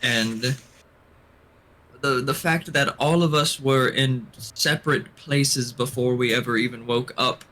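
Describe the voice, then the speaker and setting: A man playing in a tabletop game speaks slowly and carefully in character. He lays things out with hesitant restarts. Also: mid-range voice, bright, forceful tone, poor audio. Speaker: player. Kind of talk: in-character roleplay.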